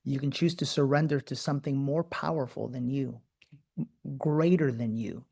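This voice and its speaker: Host, male, live spiritual talk; excitable, swears freely, rapid repeated yeses. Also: medium pitch, vocal fry. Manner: animated, profane, repeats words in bursts.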